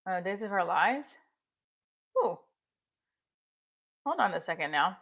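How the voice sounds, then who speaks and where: A woman's voice: mid-range voice, animated, a little slow, pauses often, highs cut off. A woman, a comedian and actress, chatting on a live stream, thanking viewers and rambling about her shows.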